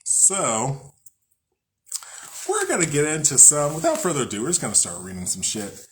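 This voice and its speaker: A man's voice: a little high, huge pitch swings, moderate pace, fairly bright tone, slight background noise. A man hosting a casual spiritual talk, rambling, joking and swearing freely as he reads from a book. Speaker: host.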